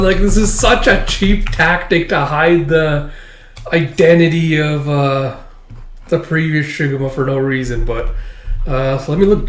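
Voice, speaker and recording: A man's voice: on the high side, slight background noise. A man casually reading through and reacting to a manga chapter, chatty and enthusiastic, with lots of fillers. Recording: roomy echo.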